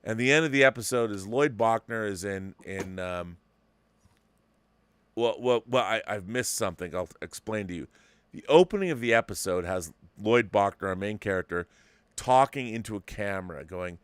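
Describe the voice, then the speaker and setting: A man in his fifties hosting a casual talk show, telling a story with excitement and many restarts. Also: lowish voice, moderate pace, smooth, no room sound. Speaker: host. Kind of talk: casual podcast chat.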